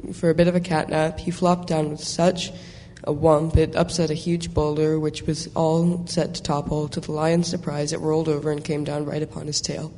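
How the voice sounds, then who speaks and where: Mellow, level-voiced male storyteller. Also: on the high side, a little hiss or hum. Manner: steady, with occasional repeats. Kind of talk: storybook reading. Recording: long hall reverb.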